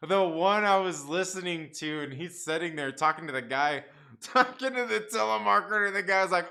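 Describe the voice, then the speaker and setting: A young man hosts a late-night live stream, rambling loosely through the chat and swearing freely. His voice sits a little high and sounds bright and forceful. He laughs often between his thoughts. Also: brisk, vocal fry. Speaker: host of a live comics stream.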